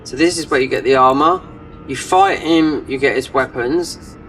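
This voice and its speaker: Rambling gamer talking over play; mic at a distance, faint music behind. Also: male voice, medium pitch, moderate pace, fairly bright tone. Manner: rambling, trailing off, many fillers. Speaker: gaming channel host. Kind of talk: casual gameplay commentary.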